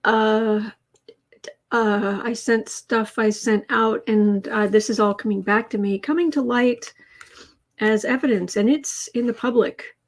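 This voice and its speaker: A woman's voice: fairly high pitch, steady tone, a little slow. A woman hosting a tarot livestream, chatting casually, telling anecdotes and reading out viewer comments. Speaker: tarot reader and livestream host.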